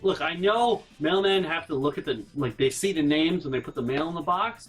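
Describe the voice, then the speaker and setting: A man's voice: a little high, normal speed, hardly any pauses, fairly bright tone. A man telling a story as a vlog host, exasperated and incredulous, sick and a little out of breath. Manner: exasperated, incredulous rants with repeated no's. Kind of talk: casual storytelling monologue.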